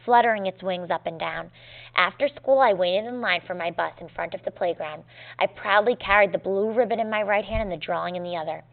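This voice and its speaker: A woman teacher reading a story aloud to her students in a clear, measured, gently expressive way. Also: medium pitch. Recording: tinny phone-like lo-fi recording.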